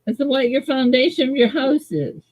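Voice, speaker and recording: A woman's voice: high-pitched, moderate pace, darkish tone, dry recording, low-quality recording. A woman hosting a casual live show, bantering and laughing easily. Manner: laughing, playfully defensive banter. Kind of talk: casual live-stream chat.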